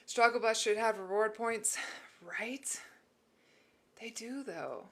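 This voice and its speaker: A woman's voice: a little high, slow pace. A woman hosting a live stream, answering chat and encouraging viewers about mental health, emotional and teary. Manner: warm, encouraging, reads and answers chat messages. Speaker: livestream host.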